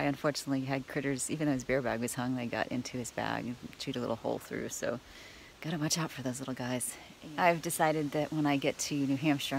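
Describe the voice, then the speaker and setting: A chatty woman with a low voice vlogs from a forest trail, laughing often as she talks. She speaks into a handheld camera outdoors, with faint outdoor ambience behind her. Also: slight background noise. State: out of breath on climbs. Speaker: hiker vlogger. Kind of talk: casual trail vlog.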